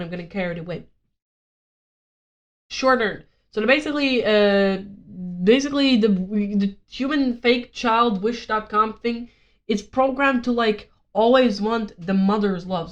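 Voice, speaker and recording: A woman's voice: medium pitch, lo-fi sound. A woman vlogger ranting casually, rambling and sarcastic, swearing often.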